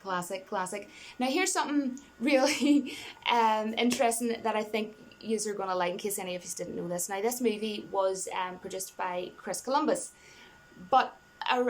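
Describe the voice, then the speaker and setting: A woman's voice: medium pitch, moderate pace. A woman giving a casual, rambling film review, enthusiastic and laughing between points, full of "you know" and restarts.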